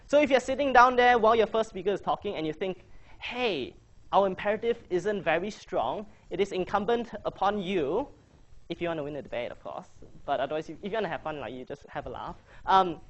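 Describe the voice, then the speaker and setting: A man coaching a debating workshop, chatty and joking as he quizzes his audience. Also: sits high. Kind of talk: casual workshop presentation.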